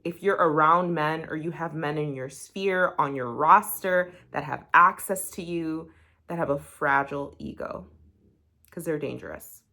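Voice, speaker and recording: A woman's voice: low-pitched, unhurried, sharp tone. Blunt, fired-up woman vlogger. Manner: blunt, heated, swears freely. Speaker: reality TV recap vlogger. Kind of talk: casual opinionated commentary.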